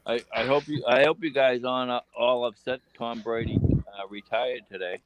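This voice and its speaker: A man's voice: mid-range voice, fairly even intonation, normal speed, slight background noise, rough recording. A man in a casual live chat who chimes in with joking, teasing remarks.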